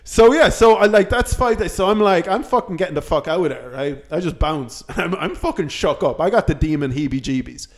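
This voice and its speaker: A man's voice: fairly high pitch, expressive, fairly quick, few pauses. A man hosting a podcast, telling a story in casual chat. He swears freely and acts out the quotes. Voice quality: swears freely, tells anecdotes with acted-out quotes. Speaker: podcast host.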